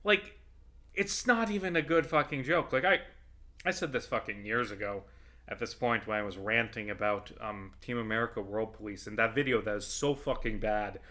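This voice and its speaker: A man's voice: fairly low pitch, moderate pace, bright, forceful tone. A man rambling through casual commentary while playing a video game, swearing freely and swinging into heated rants.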